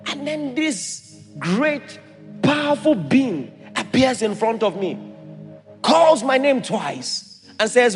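A Nigerian man preaching a sermon as a pastor, animated and acting out voices in his stories. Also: extremely high pitch, takes it slowly, in a large hall, faint music behind.

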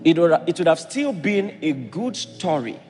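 Animated Nigerian pastor preaching in hall. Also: male voice, a little high, normal speed, faint music behind. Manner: animated preaching, acts out voices in quotes. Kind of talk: sermon.

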